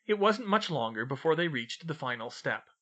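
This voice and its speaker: A man narrates a story aloud at a steady storytelling pace. His voice is bright and sits a little high, with lively pitch movement. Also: moderate pace. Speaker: audiobook reader. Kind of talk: audiobook narration of fan fiction.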